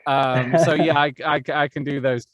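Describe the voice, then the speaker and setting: A man's voice: fairly high pitch, steady tone, moderate pace, no room sound. A young man who narrates audiobooks, talking casually as a podcast guest and thinking aloud with frequent restarts. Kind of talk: casual interview chat.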